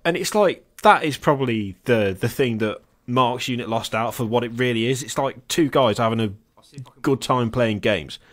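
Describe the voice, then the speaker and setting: A man chatting casually with a co-host, rambling through his story with laughs breaking in between phrases. His voice sits at a middle pitch for a man. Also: moderate pace. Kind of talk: casual chat.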